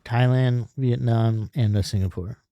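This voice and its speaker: A man's voice: medium pitch, steady tone, a little slow, dry recording, highs cut off. A man co-hosting a podcast, telling stories in a laid-back, easygoing casual chat.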